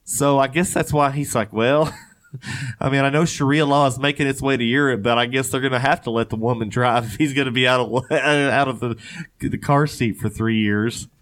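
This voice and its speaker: A man co-hosts a loose, casual chat, reading odd news stories aloud. His voice is mid-pitched, and he breaks off often for joking, rambling asides and laughter. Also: fairly even intonation, a little fast, a bit bright. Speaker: podcast co-host.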